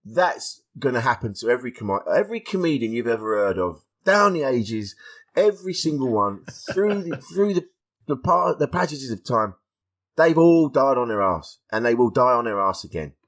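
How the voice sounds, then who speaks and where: A man, a stand-up comedian guest on a podcast, telling stories in a lively way and acting out the voices of people he quotes. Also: medium pitch, moderate pace. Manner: animated storytelling, acts out quoted voices. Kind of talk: casual podcast interview.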